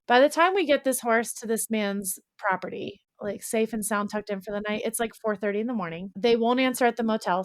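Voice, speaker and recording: A young adult woman in casual podcast chat, telling a rambling, animated story full of "like.". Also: fairly high pitch, dry recording, clean studio sound. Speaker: podcast guest or co-host.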